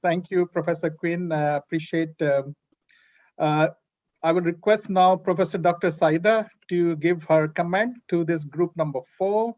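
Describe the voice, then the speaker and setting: A man's voice: on the high side, unhurried, darkish tone. Male moderator, formal and courteous, on a muffled video call. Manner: polite and formal. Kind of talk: moderating an online debate. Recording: dull lo-fi call audio.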